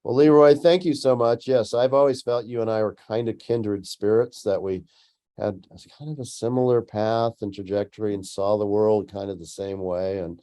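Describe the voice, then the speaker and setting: A man hosting a podcast conversation, speaking in a low, mellow voice. His manner is relaxed and chatty, and his sentences often trail off softly. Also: normal speed. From Tucson, United States. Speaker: podcast host. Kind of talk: casual interview chat.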